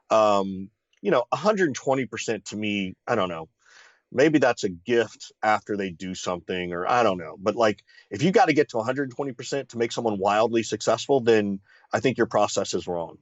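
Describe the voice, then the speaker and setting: A man's voice: fairly low pitch, expressive, normal speed, dry recording. A man, a sales consultant guest in an interview, explaining ideas in a confident, teacherly way with many fillers and rhetorical questions. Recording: slightly dull, lo-fi sound.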